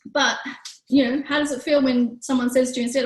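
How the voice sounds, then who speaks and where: A woman's voice: steady tone, a little fast. A woman, teaching a parenting workshop in a chatty way and acting out quoted lines. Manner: chatty, acts out quoted lines in higher voices. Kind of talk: online workshop talk. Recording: echoey room.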